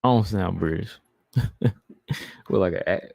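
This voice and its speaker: Male stream host, deep and gravelly, casual chatty delivery, dry sound. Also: takes it slowly, a little mellow, dry recording. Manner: chatty, answers viewers, says "man" a lot. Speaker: livestream host reading chat. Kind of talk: casual live-stream chat.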